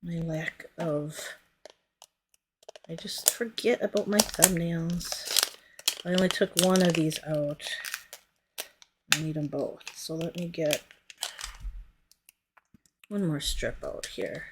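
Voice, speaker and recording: A woman's voice: low voice, fairly even intonation, slow, pauses often, noisy background. A woman giving a casual, chatty nail tutorial, describing what her hands are doing and often stopping to correct herself. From United States. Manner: chatty, narrates her hands as she works; often trails off and self-corrects. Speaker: nail product stylist.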